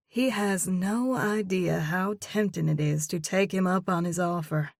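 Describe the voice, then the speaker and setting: A woman's voice: fairly low pitch, measured pace, gravelly, no echo, clean studio sound. A woman narrating a first-person romance audiobook expressively, voicing the heroine's own lines as she goes. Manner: expressive, reads in character as heroine.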